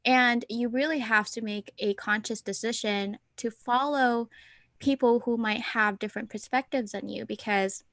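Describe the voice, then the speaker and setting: A woman's voice: a little high, moderate pace, dry recording. A woman co-hosting a podcast, chatting casually and thinking aloud as she talks. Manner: talkative, animated, thinks aloud. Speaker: podcast co-host. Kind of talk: casual chat.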